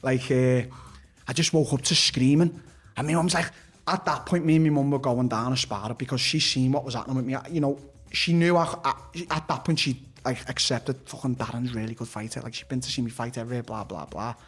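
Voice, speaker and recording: A man's voice: mid-range voice, a little fast, slightly rough. A man with a Liverpool accent, a fighter and podcast guest, telling his story bluntly, swearing constantly and restarting sentences. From Liverpool, England. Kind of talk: candid personal storytelling.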